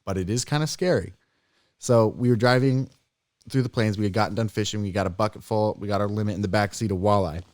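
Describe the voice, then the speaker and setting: A young man with a fairly low, dry-recorded voice tells a spooky story to his co-host. He jumps up in pitch and volume whenever he plays out a scare. It is relaxed podcast chat. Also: quick pace, no room sound. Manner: animated storyteller who jumps high and loud when acting out scared voices.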